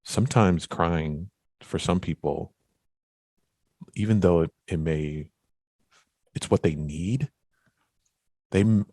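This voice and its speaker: An extremely low-voiced man hosts a casual podcast interview. His talk wanders, restarting phrases and leaning on filler words as he works toward his questions, and the sound is dry with no room echo. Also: a little mellow, breathy edge. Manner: rambling, full of restarts and "like". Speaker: podcast host.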